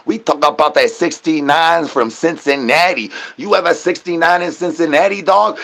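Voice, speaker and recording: A man talks straight to his stream chat in loose, absurd patter, looping the same slangy catchphrases over and over. His voice sits a little high for a man and has a husky edge. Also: a bit bright. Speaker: livestream host. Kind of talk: rambling livestream patter to chat.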